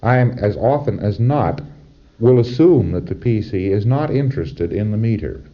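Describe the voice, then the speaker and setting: A deep-voiced man delivers a lecture, emphatic and rhetorical, often checking in with his audience. The recording is dull and lo-fi, like a 1960s lecture tape.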